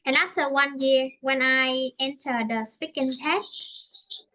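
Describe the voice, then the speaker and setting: A Vietnamese-accented woman teaching English online with a high, bright, forceful voice. She speaks haltingly, repeating and rephrasing her points as she explains.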